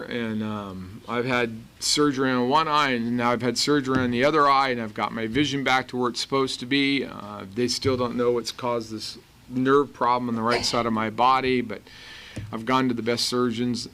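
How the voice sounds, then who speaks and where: Bright-voiced man giving testimony. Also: medium pitch, a little hiss or hum. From Los Angeles. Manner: earnest, animated storytelling with quoted voices. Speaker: recovery meeting speaker. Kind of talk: personal testimony talk.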